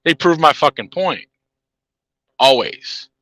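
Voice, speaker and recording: Profane ranting man with a bright voice. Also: medium pitch, animated, normal speed, dry recording, low-quality recording. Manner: heated, profane, laughs at his own jabs. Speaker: channel host.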